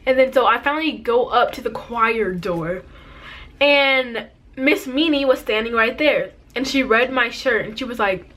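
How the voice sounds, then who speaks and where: Teen girl vlogger, higher voice, chatty storyteller who laughs easily. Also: measured pace, fairly bright tone. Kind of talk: casual storytime.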